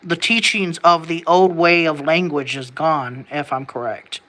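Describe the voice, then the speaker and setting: With a bright, sharp-edged mid-range voice, an American vlogger thinks out loud on camera in a meandering way. Intonation stays fairly even and the pace is unhurried, while sentences keep restarting amid piling questions and the occasional swear word.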